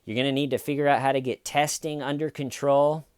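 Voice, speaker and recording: A man's voice: mid-range voice, little pitch movement, brisk, a little mellow, clear, resonant tone, no room sound, clean studio sound. A man hosting a casual true-crime commentary, talking in an indignant, conversational way with lots of fillers and restarts. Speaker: podcast host.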